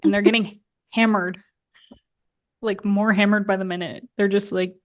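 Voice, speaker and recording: A woman's voice: mid-range voice, little pitch movement, moderate pace. A woman in her thirties co-hosting a podcast, telling a story in a chatty, casual way and laughing along. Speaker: podcast co-host.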